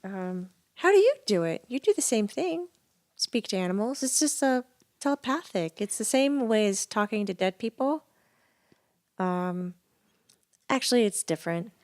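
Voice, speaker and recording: A woman's voice: medium pitch, expressive, normal speed, darkish tone. A woman co-hosting a casual podcast, telling stories animatedly and laughing often. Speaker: podcast co-host and medium. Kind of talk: casual chat.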